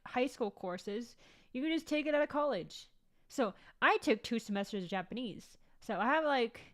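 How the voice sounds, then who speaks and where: Young woman vlogger, slightly high voice, loose, rambling and profane. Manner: chatty, rambling, swears freely. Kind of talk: casual chat to viewers.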